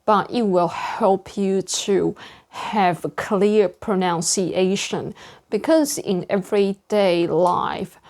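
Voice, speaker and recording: A woman who is not a native English speaker leads a casual pronunciation practice. She talks at an unhurried pace and sounds out each word deliberately. Her voice sits in an ordinary middle pitch. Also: a little mellow. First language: non-native English speaker. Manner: speaks slowly and deliberately, over-articulating word endings. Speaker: pronunciation learner sharing lessons. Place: indoor room with a whiteboard. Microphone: camera close to the face.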